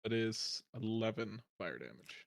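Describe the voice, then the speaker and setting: A man's voice: lowish voice, lively intonation, measured pace, gravelly. A man running a tabletop game as game master, calling out hits and damage in a matter-of-fact way.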